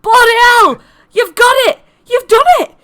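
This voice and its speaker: A woman voicing an excitable, cheeky male carnival worker who bursts into high exclamations. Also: normal speed, vocal fry. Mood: amazed. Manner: exclamatory, giddy.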